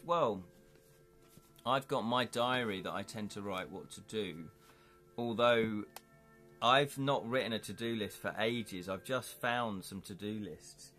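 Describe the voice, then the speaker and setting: Chatty english guy reading viewer comments on stream, laughs a lot, soft music underneath. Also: mid-range voice. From England. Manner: rambling, chatty, laughs often. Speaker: livestream host.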